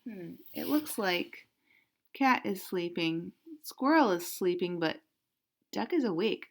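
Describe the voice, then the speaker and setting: A woman reading a picture book aloud to children, animated and interactive, asking questions about the pictures. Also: lowish voice, takes it slowly.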